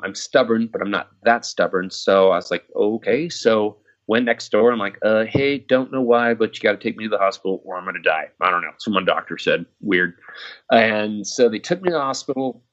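Guy with a lowish voice rambling through a story, lots of stops and restarts, muffled lo-fi sound. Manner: halting, frequent restarts and fillers; blunt, swears casually. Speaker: guest telling a personal story. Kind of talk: casual storytelling.

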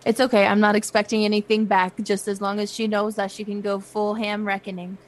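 A woman's voice: mid-range voice, little pitch movement, a little fast. A woman playing a tabletop role-playing game, asking questions in a hesitant way. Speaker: player. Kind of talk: casual game table chat.

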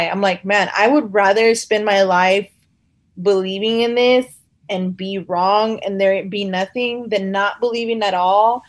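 A woman's voice: mid-range voice, fairly even intonation, unhurried. A woman talking casually about her faith, rambling with many fillers and acting out conversations she has had. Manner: acts out quoted conversations.

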